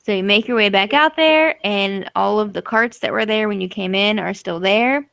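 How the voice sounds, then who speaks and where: A woman's voice: mid-range voice, moderate pace, vocal fry, fairly bright tone, clean tone, dry recording. A woman runs a tabletop game in a loose, chatty way, full of fillers. Her voice sits in the middle range, recorded close and dry. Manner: casual, chatty narration with fillers. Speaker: game master.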